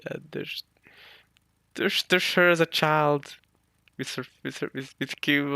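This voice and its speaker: Excitable young man reacting to manga. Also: fairly high pitch, normal speed, no echo, clean studio sound. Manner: excitable, laughing, slangy. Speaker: reaction channel host.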